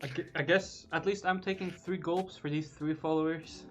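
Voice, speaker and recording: Streamer dude, bit high voice, teasing and reading out followers, music pretty loud behind him. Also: male voice, fairly even intonation, normal speed. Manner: teasing, reads out followers and donations. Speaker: podcast co-host. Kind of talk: casual banter on a live stream.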